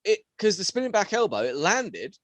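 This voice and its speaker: A man with a fairly high voice talks fight results on a podcast, animated and quick to laugh. He sounds a little tipsy from beer. The sound is dry and close to the mic. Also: no room sound. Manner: animated, laughs often, mimics commentators. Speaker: podcast co-host. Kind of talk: casual chat.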